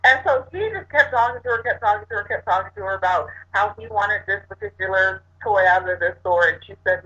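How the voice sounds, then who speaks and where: Woman chatting, bright voice, storytelling with little laughs, dull lo-fi sound. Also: medium pitch, brisk, hardly any pauses. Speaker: co-host. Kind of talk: casual chat.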